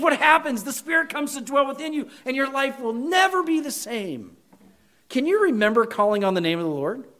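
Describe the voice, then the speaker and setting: A man preaching a sermon as pastor, swinging between loud, emphatic points and quiet, earnest appeals to his listeners. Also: sits high.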